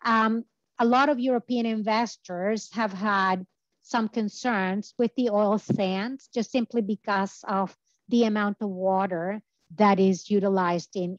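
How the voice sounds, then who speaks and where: A woman at a middle pitch presents lecture slides, explaining each point with frequent hesitations. Her voice sounds a little worn from a long day of talking. The sound is dry and slightly muffled. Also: no echo. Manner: explanatory, many filler uhs. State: tired voice from talking all day. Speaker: guest lecturer.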